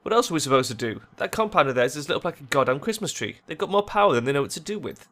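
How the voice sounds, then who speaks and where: A man's voice: a little high, very animated, rapid-fire, a bit bright. A man reading game dialogue aloud, voicing a worried young woman who is putting on a brave face. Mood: worried, defiant.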